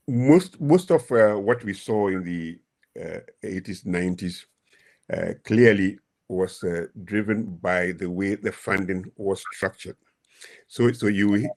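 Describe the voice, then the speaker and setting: Panelist, male, low husky voice, measured with frequent pauses, video call. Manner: measured, many hesitations. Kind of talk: webinar panel talk.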